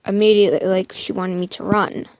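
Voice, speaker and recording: A woman improvising a first-person story in a soft, hesitant way, often dropping into a whisper and correcting herself. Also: medium pitch, little pitch movement, fairly quick, no room sound, lo-fi sound.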